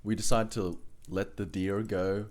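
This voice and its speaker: A man's voice: lowish voice, level tone, measured pace, darkish tone. A man co-hosting a tabletop game podcast, recapping the session in a laid-back way with lots of fillers. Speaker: player, co-host. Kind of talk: casual podcast chat.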